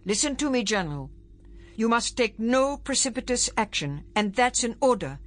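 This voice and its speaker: A careful, authoritative statesman lays down the law, read by a woman narrator with a lively, rising delivery. He is measured and firm, in a storybook reading. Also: on the high side, soft background music, pitched above the performer's own voice. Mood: firm caution. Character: cautious male government secretary, firm.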